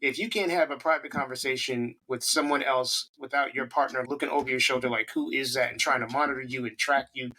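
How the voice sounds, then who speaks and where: A man's voice: medium pitch, fairly even intonation, a little fast, few pauses, bright, forceful tone, low-quality recording. A man hosting a podcast, asking probing questions and reacting to the story. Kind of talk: casual interview.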